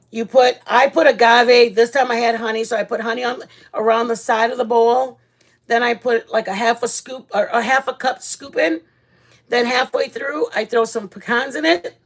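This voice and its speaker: Chatty woman cooking on stream. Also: on the high side. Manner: chatty, rambling, greets viewers by name. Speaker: vlog host. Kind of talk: casual live-stream chat while cooking. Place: home kitchen.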